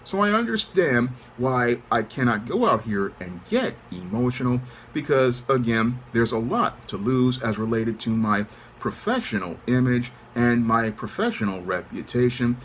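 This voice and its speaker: A middle-aged man hosting his channel, speaking in a calm, controlled monologue. He keeps a measured tone and often repeats set phrases. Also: medium pitch, a little hiss or hum. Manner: calm, controlled, even-toned delivery. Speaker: channel host. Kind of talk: monologue to camera.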